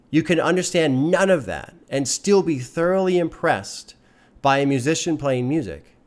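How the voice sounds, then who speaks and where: Earnest rambling man talking to viewers. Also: a little high. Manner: earnest, rambling, repeats phrases for emphasis. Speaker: music reaction YouTuber. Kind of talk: casual talk to camera.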